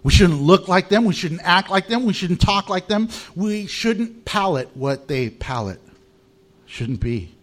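A male American pastor delivers a sermon in a bright, fairly high voice that swoops up and down. He tells funny stories with lots of animation and often laughs at his own jokes before moving to scripture. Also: lively intonation, measured pace. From United States. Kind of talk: humorous sermon.

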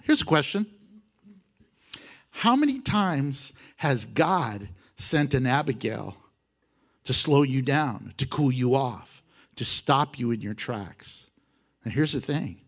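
A man preaching a sermon, exhorting his listeners with animated emphasis and chuckles. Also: medium pitch, slow pace, pauses often.

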